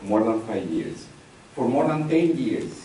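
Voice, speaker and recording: This male instructor has a mid-range, mellow voice and speaks a little slowly but with animation. He leads a live technical training in a conversational way, repeating important phrases and taking polls of the audience. The audio is distant and very echoey, with a faint noise floor.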